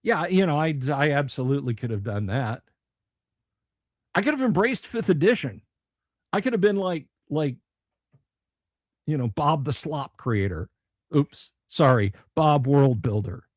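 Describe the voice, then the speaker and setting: A man's voice: fairly high pitch, animated, unhurried, long pauses, no echo. Man, livestream host, blunt and sarcastic, swears freely, dry close sound. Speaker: host of a tabletop gaming channel. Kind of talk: casual livestream chat.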